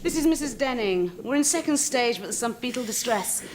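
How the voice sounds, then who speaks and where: A woman playing a crisp, indignant midwife. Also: fairly high pitch, lively intonation, fairly quick, close to an everyday voice. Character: brisk, no-nonsense female midwife. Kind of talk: sitcom acting. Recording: TV sitcom audio with noise.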